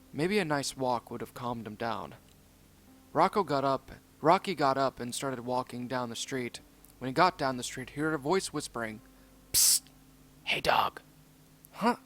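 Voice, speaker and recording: A man's voice: mid-range voice, fairly bright tone. Man reading a horror story aloud. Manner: plain storytelling with small slips and self-corrections. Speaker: narrator.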